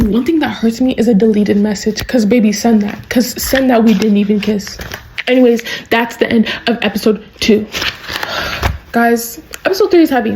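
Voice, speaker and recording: A young woman vlogger recapping a show in casual chat. She is excitable and laughs often, with lots of "like" and "bro.". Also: on the high side, slight background noise, rough recording.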